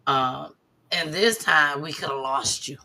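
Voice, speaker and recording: A woman hosting a casual talk show, telling stories animatedly and bursting into loud, high impressions. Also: a little slow, creaky. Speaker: host. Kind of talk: casual chat.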